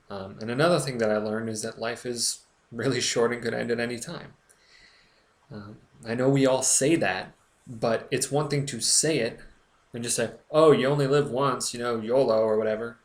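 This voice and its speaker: A young man talking earnestly to camera in a personal vlog, stumbling and restarting often as he speaks with emotion. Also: medium pitch. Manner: earnest, halting, with frequent restarts. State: recovering, emotional. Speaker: blogger. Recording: echoey room.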